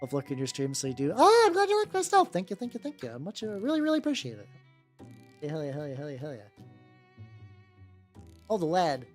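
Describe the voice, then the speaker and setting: Gentle low-voiced woman chatting on stream. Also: wildly swooping pitch, a little fast, long pauses. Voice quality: gentle, relaxing voice. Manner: rambling, with frequent restarts and swearing. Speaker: streamer painting miniatures. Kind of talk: casual chat. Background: faint background music.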